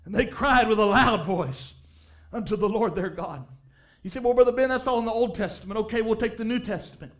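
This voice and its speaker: Very high-voiced fervent male preacher. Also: fairly quick. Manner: fervent, swelling into shouts on key phrases; reads scripture aloud in old-style wording. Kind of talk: revival sermon. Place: church.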